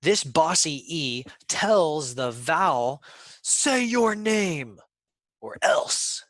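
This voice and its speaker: A man teaching a pronunciation lesson, speaking deliberately and repeating sounds for learners. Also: mid-range voice, fairly bright tone, dry recording.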